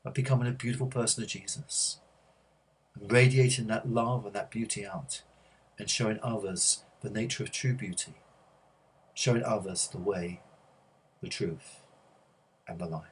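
A man preaching, telling a story with many halting restarts and growing hushed and earnest. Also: fairly low pitch, slightly rough. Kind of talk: sermon storytelling.

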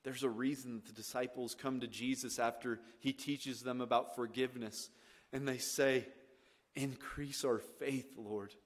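A man preaching a sermon as pastor, swinging from hushed lines to loud, emphatic ones. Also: medium pitch, little pitch movement, moderate pace. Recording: long reverb of a church hall.

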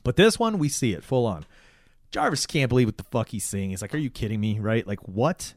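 A man's voice: medium pitch, big pitch swings, a little fast, no echo. A man in casual talk, animatedly retelling a movie plot with swearing and acted-out lines. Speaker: podcast co-host. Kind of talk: casual movie recap chat.

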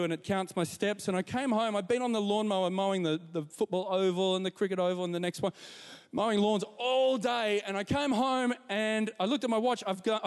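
A pastor with a high-pitched, clear, resonant voice preaches a sermon full of personal stories, telling them warmly with repetitions and asides to the congregation. A long reverb tail follows his words.

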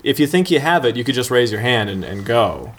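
A man's voice: medium pitch, big pitch swings, a little fast, fairly bright tone. A man hosting a comedy table read, wry and self-deprecating, casting players and reading stage directions. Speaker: comedy writer and host. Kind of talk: improv comedy banter.

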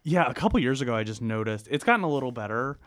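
A man's voice: mid-range voice, lively intonation, fast talker, a bit bright. A man co-hosting a podcast, telling stories about musicals in an easygoing way with plenty of fillers. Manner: easygoing, filler-heavy storytelling. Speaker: podcast co-host. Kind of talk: casual chat about musicals.

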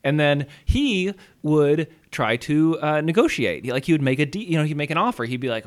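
Lively storytelling man in casual chat. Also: on the high side, a little fast, few pauses. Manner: storytelling, laughs often, lively.

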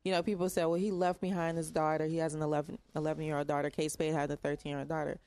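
A woman's voice: sits low, little pitch movement, very fast, a little mellow. A woman co-hosting a podcast in casual chat, frank and teasing, making her points with examples. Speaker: podcast co-host.

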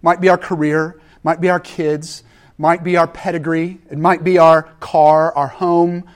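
A man delivers a sermon with a fairly high-pitched voice. He is animated, building emphasis and then pulling back into quiet, intense asides. The delivery is conversational, as a pastor addressing his congregation. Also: unhurried.

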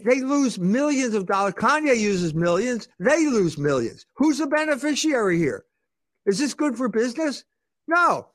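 A man's voice: very high voice, a bit bright, no echo. A man being interviewed, arguing his case with rhetorical questions and frequent restarts. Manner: rhetorical questions, repeats words when starting sentences. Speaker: guest. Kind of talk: argumentative interview talk.

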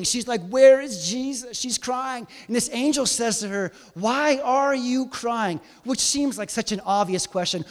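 Brief: male preacher, slightly high voice, casual and animated, heavy hall reverb. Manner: conversational, animated storytelling. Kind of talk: sermon.

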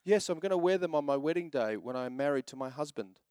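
A man's voice: fairly high pitch, animated, fast talker, darkish tone, clean tone, no echo, clean studio sound, natural voice. A man voicing his little three-year-old daughter, earnest and begging, within a sermon story. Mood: matter-of-fact. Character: pleading little girl of three.

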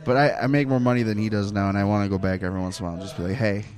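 A man's voice: lowish voice, racing, darkish tone. A man on a comedy podcast panel in a pub, telling rambling, profane stories and laughing often in casual chat.

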